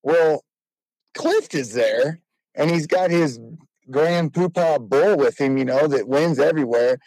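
A man spinning a rambling, animated yarn in a slightly high voice, his delivery jumping between narration and quick impressions. The sound is dry and close to the mic, with no room behind it. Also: dry recording, low-quality recording. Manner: animated, quotes people in put-on voices. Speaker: rodeo clown guest. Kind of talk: casual storytelling.

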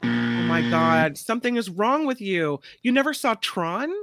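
A woman's voice: medium pitch, sing-song, a little slow, fairly bright tone, dry recording, clean studio sound. Chatty woman co-hosting celebrity news. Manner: chatty, lots of fillers. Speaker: co-host. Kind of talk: casual celebrity news chat.

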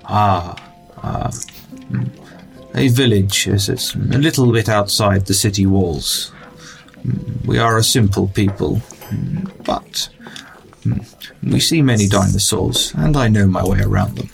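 A man doing a slow, gravelly villager. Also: on the low side, faint music behind. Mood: thoughtful. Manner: slow, humming pauses. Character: simple male villager, sure of dinosaurs.

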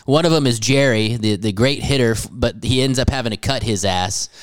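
Man, casual podcast co-host, crude rambling movie recap, smooth clear voice, dry room. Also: mid-range voice, a little fast, dry recording. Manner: rambling, profane, laughing often.

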